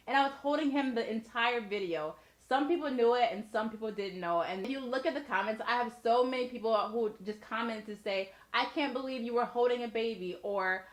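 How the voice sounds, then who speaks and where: A young woman giving casual, encouraging advice to her viewers on her vlog. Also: on the high side. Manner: chatty, encouraging, addresses viewers directly. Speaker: YouTuber and blogger. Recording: echoey room.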